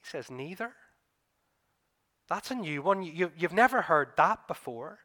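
Preaching from the pulpit, a man brings a gospel story to life and speaks straight to his audience as "you." His voice sits on the high side at a normal speed, swelling into excited high points before sinking to a hush.

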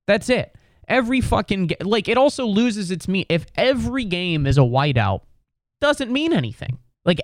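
A young man hosts a casual podcast with a slightly high voice. He rambles and swears through exasperated rants. The sound is close and dry. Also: no echo. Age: young adult. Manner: rambling, profane, exasperated ranting; swings up into mocking high voices when mimicking others. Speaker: podcast host. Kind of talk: casual sports talk.

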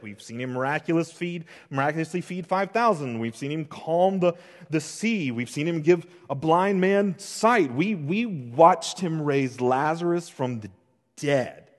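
A male pastor in his thirties delivers an earnest sermon, his voice a touch higher than most men's. He swells to emphatic peaks and falls to hushed, quiet stretches. The sound carries a long hall reverb from a church sanctuary.

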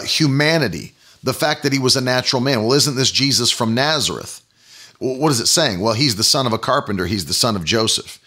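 A man preaching a sermon, emphatic, building to loud exclamations on key phrases. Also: mid-range voice.

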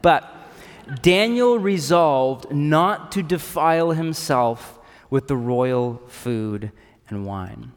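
Guy preaching a sermon, lively and jokey, voice ringing round a big church hall. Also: fairly high pitch, takes it slowly, clear, resonant tone. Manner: animated, casual and joking. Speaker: pastor. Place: church in a city.

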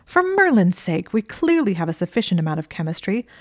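A woman reading the part of an indignant, sharp-tongued young woman librarian, emphatic and exasperated. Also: medium pitch, very animated, fairly quick, no room sound, studio quality, close to an everyday voice. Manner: exasperated, emphatic, rising to near shouts.

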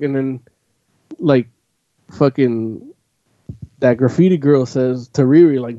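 A man's voice: mid-range voice, takes it slowly, long pauses, warm tone, no room sound. A man hosting a casual chat, rambling and swearing freely, with "like" in nearly every phrase. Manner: rambling, profane, full of "like". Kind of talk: casual chat, recapping a comic. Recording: dull lo-fi audio.

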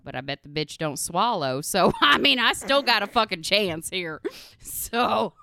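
A woman's voice: mid-range voice, sing-song, measured pace, creaky, bright, forceful tone. A woman in her forties hosting a podcast, telling crude comic stories and laughing often. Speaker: podcast host. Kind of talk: casual comedic storytelling.

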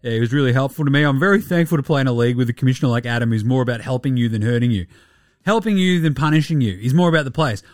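A mock-solemn athlete voiced by a man drones through a stiff, contrived apology. The voice drops low and quiet for the parody. The sound is dry and close. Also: very fast, no echo, natural voice.

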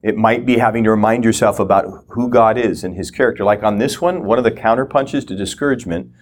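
A man's voice: on the low side, quick pace. A man giving a conversational teaching talk, often acting out short prayers and inner thoughts. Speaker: guest teacher.

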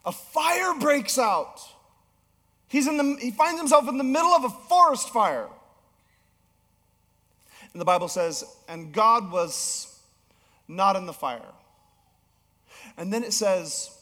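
A male pastor preaching a sermon, telling a story with animated swings between emphatic peaks and low, soft passages. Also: takes it slowly, long pauses. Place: church auditorium. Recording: long hall reverb.

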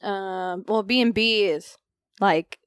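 Indiana woman telling a trip story, mid pitch, restarts a lot, dry mic. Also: takes it slowly, clean tone, dry recording. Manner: rambling storytelling with restarts and cursing. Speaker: podcast co-host. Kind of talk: casual chat.

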